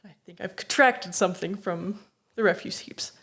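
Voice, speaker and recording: A woman player in a tabletop game, talking in character and at the table, animated and self-interrupting. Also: medium pitch, normal speed, slightly rough. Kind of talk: in-character play and table talk.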